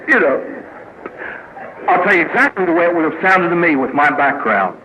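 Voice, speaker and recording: A priest giving a humorous inspirational talk at a recovery meeting, telling stories with punchlines and acting out the people in them. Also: male voice, on the high side, animated, moderate pace, pauses often. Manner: storytelling with punchlines, voices quoted characters. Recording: tinny lo-fi archive recording with faint hiss.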